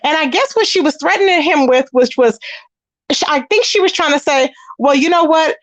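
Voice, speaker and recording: Sassy high-voiced woman dishing drama. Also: a little fast, no echo. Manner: animated and sassy, calls listeners y'all and baby. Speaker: commentary channel host. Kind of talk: casual commentary on online drama.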